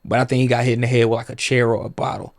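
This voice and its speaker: A man's voice: mid-range voice, completely flat delivery, rapid-fire. A man guest on a podcast, telling stories in a rambling casual way, full of "like" and swearing.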